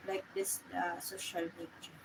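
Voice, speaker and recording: A woman chatting casually with viewers on a live stream, speaking halting English with many restarts. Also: on the low side, level tone, noisy background. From Philippines. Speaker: livestream host.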